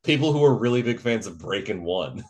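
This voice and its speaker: A man co-hosting a casual film podcast, dropping wry, deadpan jokes. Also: fairly low pitch, brisk. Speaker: podcast co-host.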